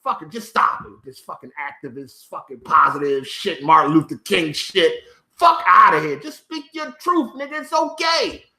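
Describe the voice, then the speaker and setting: High-voiced man ranting in an echoey room. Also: animated, normal speed, pushed and bright. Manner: profane, mocking, keeps breaking into laughter. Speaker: gaming YouTuber. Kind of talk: ranting commentary to viewers.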